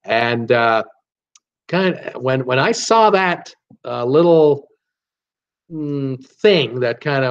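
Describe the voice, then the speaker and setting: A man's voice: mid-range voice, expressive, slow pace, long pauses, smooth. Middle-aged guy rambling on about travel, lots of ums and restarts, wry opinions, kinda dull lo-fi sound. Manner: rambling and chatty, with many fillers and restarts. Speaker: travel vlogger. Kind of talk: casual chat. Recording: slightly dull lo-fi recording.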